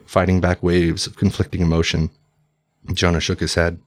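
A male narrator reading a historical tale aloud. His voice is low and deep, and his delivery is measured and formal. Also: flat delivery. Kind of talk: audiobook narration.

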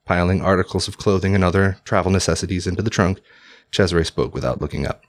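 A male narrator reading a historical tale aloud. His voice is low and deep, and his delivery is measured and formal. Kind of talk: audiobook narration.

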